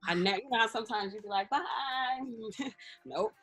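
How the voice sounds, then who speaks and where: A woman's voice: mid-range voice, moderate pace, breathy edge. Woman, radio personality type, open storyteller, mid-range voice, faint music bed. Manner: expressive, laughs often, acts out quoted dialogue. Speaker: interview guest, radio personality and life coach. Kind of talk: candid storytelling in a casual interview.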